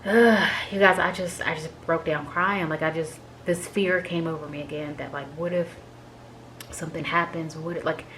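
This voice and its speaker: Woman vlogger, low voice, chatty candid storyteller, heavy filler "like", faint background noise. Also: steady tone, moderate pace, a bit bright, low-quality recording. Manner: candid and emotional recounting. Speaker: vlogger sharing a health update. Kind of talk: casual personal storytelling.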